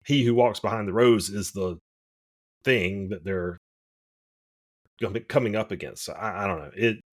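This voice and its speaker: Low-voiced man rambling in casual chat. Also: moderate pace. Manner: rambling, opinionated, restarts often. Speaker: podcast co-host.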